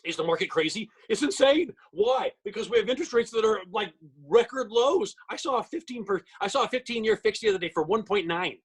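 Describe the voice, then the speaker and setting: Fast-talking husky man pitching a webinar. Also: lively intonation, low-quality recording. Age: middle-aged. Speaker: real estate trainer. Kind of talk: webinar presentation.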